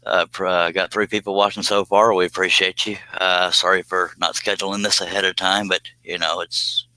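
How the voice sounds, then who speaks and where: Folksy low-voiced man. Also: level tone, moderate pace, pushed and bright, no echo, rough recording. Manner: rambling, folksy, laughs often. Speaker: woodworking live streamer. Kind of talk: casual live-stream chat.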